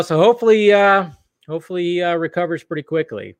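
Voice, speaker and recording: A man's voice: high voice, fast talker. A man hosting a podcast, rambling through entertainment news with plenty of fillers, swearing and laughs. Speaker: podcast host. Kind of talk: casual solo news chat.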